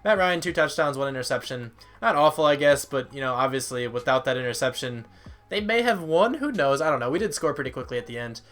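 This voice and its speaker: Fast-talking and expressive, this young male gaming YouTuber has a medium-pitched, fairly bright voice but sounds tired. He rambles casually over a football video game, reading out stats and putting himself down, with his voice cracking on occasion.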